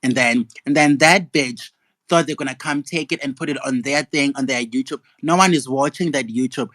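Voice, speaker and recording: Young guy ranting mad into his phone, swearing nonstop, mid-pitched voice. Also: moderate pace, fairly bright tone, dry recording. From South Africa. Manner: profane, indignant, mocking. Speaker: gossip vlogger. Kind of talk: angry ranting monologue.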